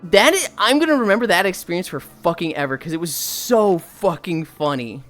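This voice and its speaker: A woman's voice: on the low side, moderate pace. Young woman streamer yapping to chat, swears a lot, voice jumps all over, a little music underneath. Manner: animated, profane, storytelling. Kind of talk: casual chat with viewers.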